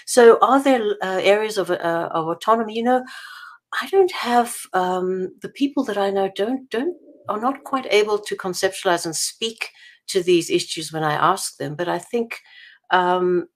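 A woman's voice: mid-range voice, moderate pace. Chatty woman from South Africa. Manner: chatty, many restarts and laughs while telling anecdotes. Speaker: author being interviewed. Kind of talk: casual interview over a call.

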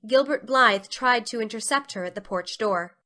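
In a dramatic storybook manner, a woman reads a classic tale aloud at a normal speed. Her voice is bright, forward, and a touch high in pitch, and she gives the narration expressive life.

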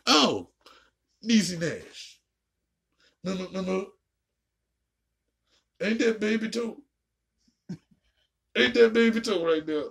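A woman ranting casually and profanely while reacting to a show, with a raspy, gravelly voice. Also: mid-range voice, expressive, slow pace, long pauses. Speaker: video reactor.

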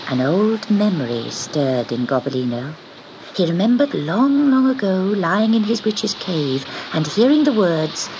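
A woman reading a children's story aloud in an expressive, sing-song way. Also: fairly low pitch, measured pace. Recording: background noise.

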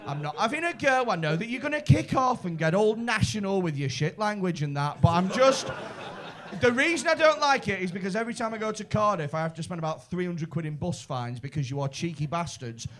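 Brash, high-voiced Liverpool comedian. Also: male voice, animated, fairly quick, a bit bright. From Liverpool, England. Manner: brash, sweary, teasing. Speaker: stand-up comedian. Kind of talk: stand-up crowd work.

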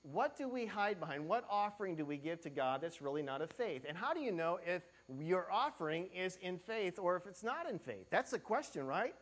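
Male preacher, slightly high voice; church sermon, rhetorical questions, acts out quoted figures. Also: sing-song, a little fast, hardly any pauses. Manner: preaches with swings from loud to hushed; many questions to the congregation. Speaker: pastor.

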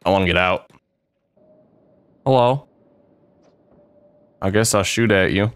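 A young man commenting on his own playthrough of a game, reacting excitably and swearing freely, with sudden yelps. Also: low-pitched, slow, smooth, dry recording. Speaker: gamer playing a modded game. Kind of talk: let's play commentary.

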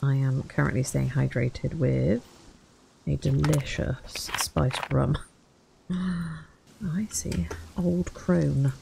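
A young woman with a deep, bass voice talks slowly and fairly evenly, with vocal fry and some background noise. Playing a survival game for her channel, she keeps up a chatty, wry running commentary aimed at herself.

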